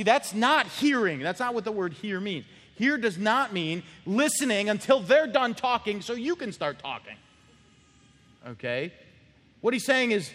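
A man's voice: sits high, fairly bright tone. A man preaching a sermon as pastor, acting out little scenes with shifting voices. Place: church sanctuary. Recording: long church hall reverb.

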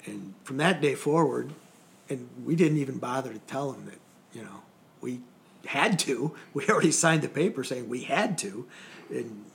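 Gravelly man telling a service story. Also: medium pitch, lively intonation, normal speed, a little hiss or hum. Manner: rambling, wry, trails off quietly at phrase ends. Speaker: Coast Guard veteran telling his story. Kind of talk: casual anecdotal storytelling.

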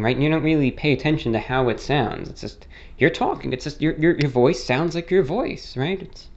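Lo-fi audio carries this American man's medium-pitched, darkish voice, his accent mildly non-rhotic with a faint British-like lilt. Hosting, he takes a listener's question and wanders through a casual, self-correcting story.

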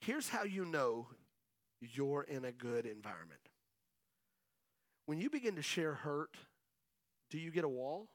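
A man's voice: fairly high pitch, sing-song, unhurried, long pauses, dry recording, studio quality. A middle-aged man preaching a sermon as the pastor, chatting with the congregation and calling out to them for answers. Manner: conversational preaching with audience call-outs.

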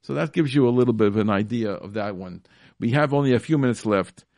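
A man's voice: medium pitch, quick pace, darkish tone, no room sound, studio quality. A man hosting a call-in radio show, talking casually and emphatically, with frequent restarts and fillers. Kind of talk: casual talk radio commentary.

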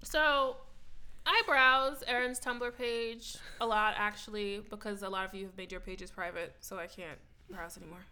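Bright-voiced woman ranting bluntly. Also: mid-range voice, normal speed, a little hiss or hum. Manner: blunt, profane, animated ranting. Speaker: podcast co-host. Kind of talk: casual podcast chat.

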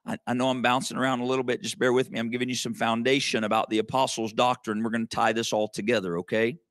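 A man's voice: medium pitch, little pitch movement, quick pace, a bit bright, no echo, studio quality. A man preaching a sermon in an emphatic way, often turning to the congregation with asides. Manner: emphatic, calls to the congregation with asides like "okay?" and "amen".

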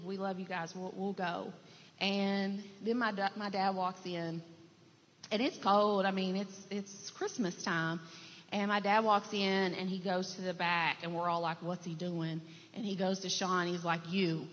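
A woman's voice: medium pitch, steady tone, a little slow, fairly bright tone. A woman sharing a heartfelt, reflective church testimony with fillers. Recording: dull sound with long hall reverb and faint noise.

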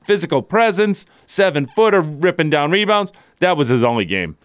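A man's voice: on the high side, very animated, moderate pace, smooth, no room sound, studio quality. A man hosting a sports talk radio show, delivering a blunt, opinionated monologue and chuckling as he goes. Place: radio studio.

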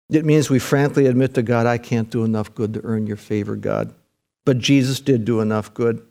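A man preaching a sermon in a folksy way, swinging from loud fervent peaks to hushed, low passages. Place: church service with a live audience.

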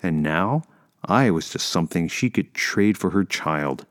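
A man narrating a first-person story in a measured, steady way. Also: low voice.

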